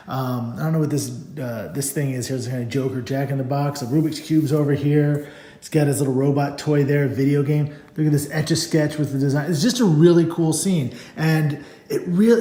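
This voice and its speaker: A middle-aged man with a mellow, slightly raised voice chats through a comic book page by page, rambling and enthusiastic with plenty of ums. The sound carries a noticeable room echo. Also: a little high. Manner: rambling, enthusiastic, many fillers. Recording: echoey room.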